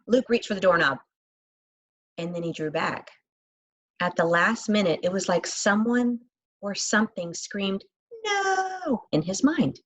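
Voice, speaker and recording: A woman's voice: mid-range voice, rough recording. Woman reading a children's novel aloud. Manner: expressive, voices the characters lightly. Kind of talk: reading aloud with asides to listeners.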